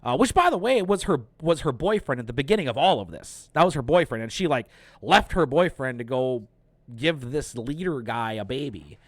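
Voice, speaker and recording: A man hosts a casual movie review, retelling scenes with plenty of swearing and quick acted-out quotes. His voice sits at a middle pitch, and the recording is dry, with no room sound. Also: dry recording. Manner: animated, profane, acts out quotes. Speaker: host.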